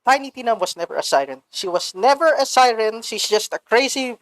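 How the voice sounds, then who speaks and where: A woman with a Filipino accent, chatting as a podcast co-host, animated and swearing freely, slipping Filipino words into English. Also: on the high side, brisk, dry recording, poor audio. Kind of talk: casual chat.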